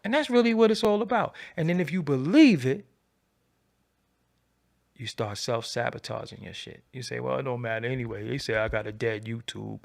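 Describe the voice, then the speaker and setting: Profane animated man ranting on a livestream. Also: moderate pace, vocal fry. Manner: profane, animated preaching with repeated phrases; swoops between low mutter and loud high bursts. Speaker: livestream host. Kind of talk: unscripted livestream rant.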